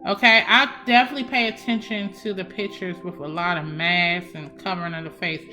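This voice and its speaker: A young woman tarot reader with a fairly low, steady voice talks fairly quickly through a casual psychic love reading. Warm, emphatic, and chatty, she addresses viewers directly as "y'all," with faint music in the background.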